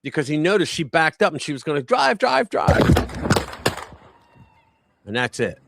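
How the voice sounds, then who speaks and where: A man's voice: fairly high pitch, sing-song, fast, very noisy. A man hosting a live news commentary stream, talking in a blunt, heated, profane way.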